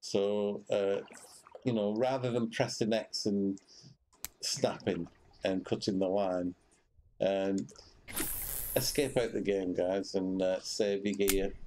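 Man, low voice, very slow, casual game commentary, fillers and restarts. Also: steady tone, dark tone, slight background noise. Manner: rambling, many fillers and restarts. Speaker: streamer.

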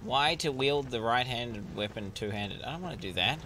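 A man streaming a video game with casual commentary, excitable and sarcastic, swearing a lot. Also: mid-range voice, normal speed, noisy background.

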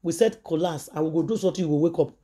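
A Nigerian-accented woman vlogs a story to her followers, speaking fast and emphatically in a low, warm voice. She acts out the voices of the people she quotes.

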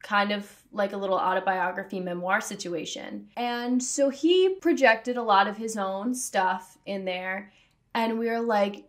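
A woman's voice: mid-range voice, animated, moderate pace. A woman talking to camera in a casual, sassy way, with jokey asides. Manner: sassy, self-aware. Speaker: video essayist.

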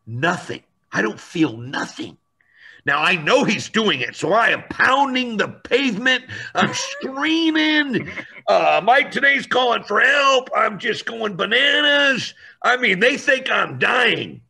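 A man telling a story in a lively, animated way, acting out voices and raising his voice for effect. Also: high voice, slow pace, vocal fry, husky.

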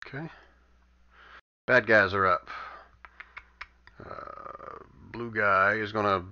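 A man's voice: fairly low pitch, steady tone, slow pace, clear, resonant tone. A man running a tabletop game as game master, counting dice rolls aloud and describing combat casually. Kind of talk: narrating a tabletop game over voice chat. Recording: dull lo-fi voice chat audio.

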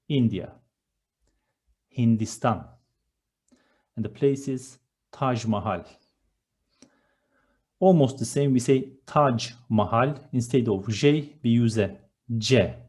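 Slow, mellow-voiced male teacher. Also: medium pitch, breathy edge. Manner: patient, spells out pronunciation and repeats each word. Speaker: language teacher. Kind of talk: slow vocabulary lesson with picture slides.

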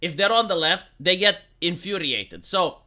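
A woman's voice: on the low side, expressive, normal speed, pushed and bright. Blunt ranting Romanian-accented woman. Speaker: live-streamer. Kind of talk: casual opinionated commentary.

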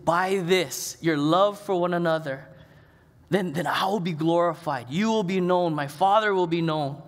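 A middle-aged pastor gives a chatty, storytelling sermon full of casual asides, his voice fairly high for a man and slightly rough. Long reverb carries his words through the church sanctuary.

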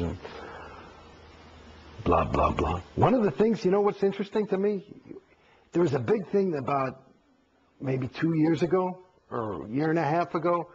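Gravelly, husky man, profane and animated interview storyteller, dull lo-fi recording. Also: mid-range voice, a little hiss or hum. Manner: profane, animated, acts out quoted exchanges.

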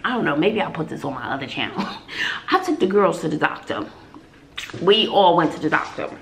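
A woman's voice: sits low, lively intonation, a little fast, gravelly, slight background noise. A woman in her forties, a single mom, chatting to her viewers in a rambling, talkative way. She often laughs and loses her train of thought. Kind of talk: casual chat to viewers. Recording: roomy echo.

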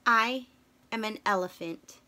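Woman doing a gentle, sorry young elephant. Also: fairly high pitch, a little slow, a little hiss or hum. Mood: sad. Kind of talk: children's storybook read-aloud.

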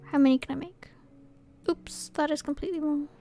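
High-voiced woman muttering through gameplay. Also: fairly even intonation, brisk, mellow. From Scotland. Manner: muttering to herself, often dropping to a whisper. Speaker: gaming channel host. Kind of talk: casual gameplay commentary.

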